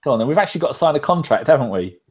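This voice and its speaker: A man's voice: a little high, big pitch swings, very fast, slightly rough. A man hosting a live podcast, reading out viewer comments in a loose, casual way and swearing freely. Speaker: podcast host reading chat. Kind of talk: casual live-stream chat.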